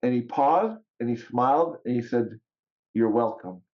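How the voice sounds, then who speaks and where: A man's voice: medium pitch, normal speed. Man telling stories on a podcast, laughs a lot, kinda muffled audio. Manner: animated, laughs often, acts out quotes. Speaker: podcast guest. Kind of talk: casual storytelling.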